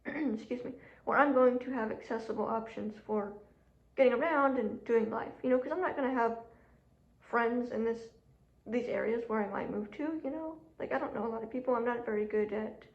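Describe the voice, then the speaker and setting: A woman talking casually to camera about her own experiences, chatty and animated, with lots of fillers and quoted self-talk, and a sore throat. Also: fairly high pitch, moderate pace. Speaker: job seeker telling her story. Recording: echoey room, dull lo-fi audio.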